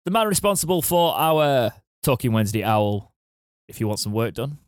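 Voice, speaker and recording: A man's voice: medium pitch, expressive, normal speed, dry recording, clean studio sound. A man hosting a casual podcast, reading plugs and teasing his co-host with easy laughter. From England. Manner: laughs easily, teasing banter. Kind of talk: casual chat.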